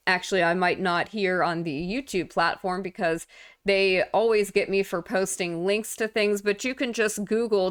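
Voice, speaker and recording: A woman giving casual, indignant commentary over video clips, speaking emphatically with frequent filler pauses. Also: mid-range voice, a bit bright.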